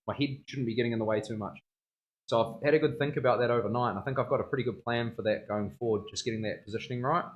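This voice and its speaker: A young man chatting casually in a tattoo studio while he works, laughing often and using plenty of slang. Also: medium pitch. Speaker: tattoo artist streaming. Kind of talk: casual live-stream chat.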